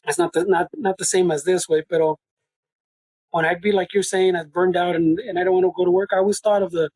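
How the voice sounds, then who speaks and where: A man's voice: high-pitched, steady tone, fast talker, a little mellow, slightly rough, no echo, poor audio. A man with a Chicano English accent, co-hosting a casual podcast conversation. He tells stories with plenty of cursing over a video call and mixes Spanish into his English. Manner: profane, laughing storytelling. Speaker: podcast co-host.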